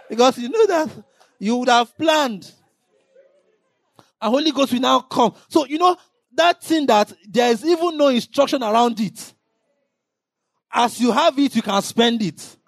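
A man preaching a sermon in an impassioned way, now and then rising into shouted emphasis. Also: extremely high pitch, a little slow, gravelly, pauses often, dry recording, studio quality.

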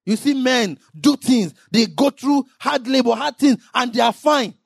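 A man preaching a sermon in an impassioned way, now and then rising into shouted emphasis. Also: very high-pitched, a little slow, creaky, breathy edge, no room sound, clean studio sound.

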